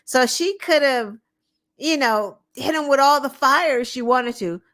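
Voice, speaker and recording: Chatty sarcastic woman, fairly high voice. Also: unhurried, fairly bright tone. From United States. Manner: chatty and sarcastic, with filler words. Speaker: show host. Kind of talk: casual political commentary.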